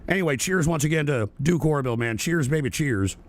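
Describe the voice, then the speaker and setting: A man's voice: fairly high pitch, lively intonation, fairly quick, no echo. A man hosting a political livestream, ranting with constant profanity and sarcasm, then reading out viewer donations. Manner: profane, shouting, sarcastic rant; reads viewer donations aloud. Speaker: political talk show host. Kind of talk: livestream rant.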